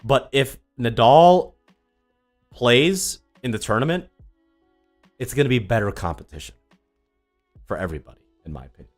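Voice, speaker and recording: A man's voice: mid-range voice, expressive, moderate pace, long pauses, faint music behind. A young man chatting casually on a livestream, sarcastic and rambling with lots of ums, answering viewers. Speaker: tennis YouTuber streaming live.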